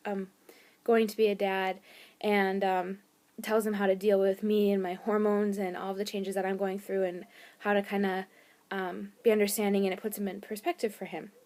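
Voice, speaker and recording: A woman's voice: mid-range voice, darkish tone. A young woman telling a personal story in a casual vlog, chatty and full of "um" and "like". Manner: chatty, lots of fillers and "like". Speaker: vlogger.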